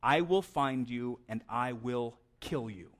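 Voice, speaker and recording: A man doing a grim, slow-threatening action hero. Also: mid-range voice, voice pushed down, close to an everyday voice. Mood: menacing.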